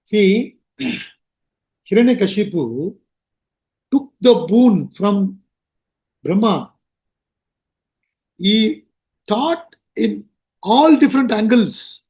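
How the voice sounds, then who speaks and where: Male spiritual teacher, high voice, unhurried scripture discourse. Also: darkish tone. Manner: slow, explanatory, rhetorical asides.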